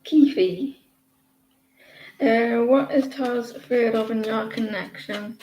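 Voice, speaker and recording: A woman reading tarot cards on a live stream, chatting with viewers and explaining the cards in a slow, halting way, with many fillers and restarts. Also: a little high, steady tone, darkish tone, reverberant, low-quality recording. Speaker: tarot reader.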